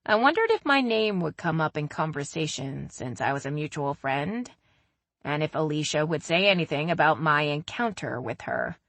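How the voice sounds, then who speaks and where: A woman reading a first-person romance audiobook in a steady, even way. Her voice sits on the low side, and the recording is close and dry with no room sound. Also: normal speed, dry recording. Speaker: audiobook narrator.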